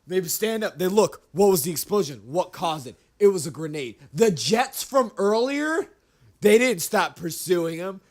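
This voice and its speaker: A young man with a fairly high voice tells a rowdy, profane made-up story on a casual podcast. He makes gunfire and explosion noises as he narrates. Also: animated, measured pace. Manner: rowdy, swearing, makes sound effects while telling a story. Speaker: podcast co-host. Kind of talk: drunk casual chat and storytelling.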